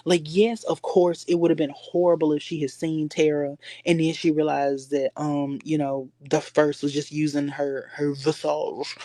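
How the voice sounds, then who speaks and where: A woman in casual, animated chat on a live stream, teasing and repeating words for emphasis. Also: low-pitched, dry recording. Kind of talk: casual chat about a TV show.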